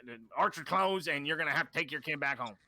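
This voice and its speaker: A man's voice: a little high, fast, gravelly, sharp tone, dry recording, heavily acted. A man voicing a confused, cranky old male farmer who rambles and repeats himself. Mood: flustered.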